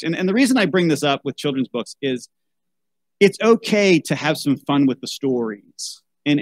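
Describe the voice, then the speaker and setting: A man's voice: medium pitch, no echo, poor audio. A man reading a children's Bible story aloud, breaking off for wry asides and a rant about how such books should be chosen. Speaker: podcast host.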